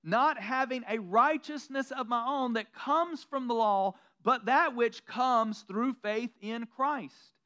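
A pastor preaching a sermon in a conversational, self-deprecating way, slipping into mocking quoted asides. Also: male voice, extremely high pitch, sharp tone.

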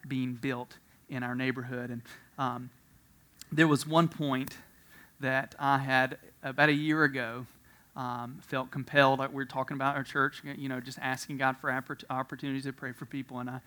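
A man preaching a sermon, telling a story with frequent laughter, swinging from quiet asides to loud emphasis. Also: medium pitch. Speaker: pastor.

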